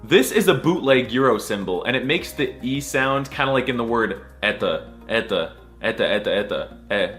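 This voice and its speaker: A man jokes his way through a scripted voice-over, goofy, crude and full of mock outrage. His pitch swings up and down all over the place while he stretches out repeated sounds. Soft music plays underneath. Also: expressive, moderate pace, few pauses. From United States. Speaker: comedic language explainer.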